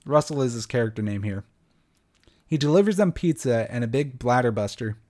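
A young man talks through a film review on his podcast in a loose, casual way. He is blunt and sarcastic and swears freely. His voice sits at an ordinary middle pitch. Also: animated, fairly quick, dark tone. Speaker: podcast host.

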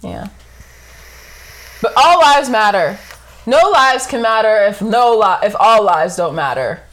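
A woman's voice: medium pitch, measured pace. A young woman on a casual podcast chat who tells stories with lots of laughter and swearing. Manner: laughs often, animated storytelling, swears freely.

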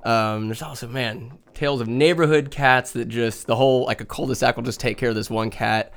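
A man's voice: medium pitch, steady tone, a little fast, creaky. A young man from Northern California telling rambling, chatty cat stories at home, swearing and laughing along the way. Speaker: vlogger. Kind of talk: casual rambling storytelling. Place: home room with a bookcase.

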